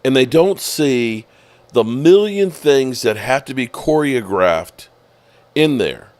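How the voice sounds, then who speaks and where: A man hosting a sports podcast, casually explaining football plays in an animated, profane way. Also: mid-range voice, takes it slowly, dry recording. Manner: animated, explanatory, swears freely.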